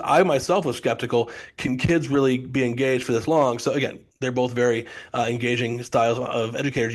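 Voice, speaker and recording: A middle-aged man talks in a loose, rambling storytelling style, full of asides and self-corrections. His voice sits at an ordinary, middle pitch for a man. He sounds like a guest on a relaxed podcast explaining his business. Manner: chatty storyteller, many restarts and asides. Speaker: guest, founder of test prep company. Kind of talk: casual podcast interview.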